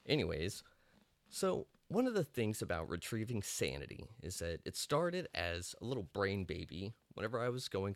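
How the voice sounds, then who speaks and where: Guy hosting his podcast, lowish voice, bouncy delivery, blunt and jokey, dry close sound. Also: dry recording. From Texas Panhandle. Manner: blunt, joking, encouraging. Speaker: podcast host. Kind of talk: casual monologue.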